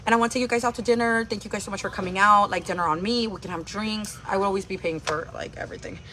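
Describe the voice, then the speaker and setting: A woman's voice: mid-range voice, fairly even intonation, very fast, a bit bright, a little hiss or hum. Woman host, chatty and meandering, mid-range voice, casual storytime delivery. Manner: rambling, heavy on filler words. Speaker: livestream host telling a story.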